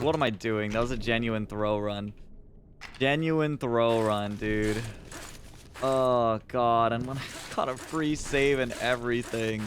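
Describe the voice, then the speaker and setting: A man's voice: medium pitch, a bit bright, slight background noise. A man streaming a video game live, talking to chat in a frustrated, self-deprecating way and swearing often. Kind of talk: live gaming commentary.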